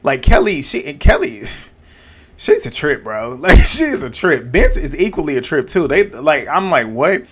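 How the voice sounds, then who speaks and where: A young man giving a casual, animated recap of a reality show, speaking bluntly and with lots of slang, directly to his viewers. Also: a little high, a little slow, breathy edge. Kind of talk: casual episode recap and commentary.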